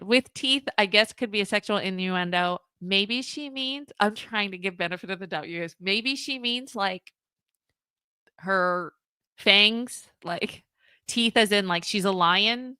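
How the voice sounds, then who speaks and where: A woman's voice: mid-range voice, unhurried, bright, forceful tone, clean tone, no echo, clean studio sound. A young woman hosting a live reaction stream, reading messages aloud and reacting with laughing disbelief. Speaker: commentary livestream host.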